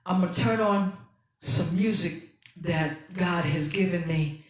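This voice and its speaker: A woman's voice: lowish voice, unhurried. Woman pastor livestreaming, echoey and distant. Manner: soulful, slangy and encouraging, calling out to viewers. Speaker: pastor and host of a livestream ministry. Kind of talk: livestreamed sermon and music ministry. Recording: echoey room, voice from a distance, music playing. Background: music playing.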